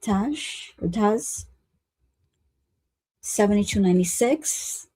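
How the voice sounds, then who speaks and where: Mellow, husky woman laughing through stream chat. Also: mid-range voice, expressive, slow pace, no room sound, rough recording. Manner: giggly and easygoing, laughing often between phrases. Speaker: psychic reader co-hosting a live reading stream. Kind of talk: casual live-stream chat.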